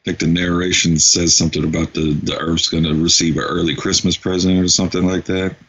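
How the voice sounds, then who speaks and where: A man's voice: deep voice, little pitch movement, brisk, gravelly, fairly bright tone, husky, highs cut off. A man co-hosting a movie podcast, chiming in with brief, matter-of-fact remarks. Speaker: podcast co-host. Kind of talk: casual movie podcast chat.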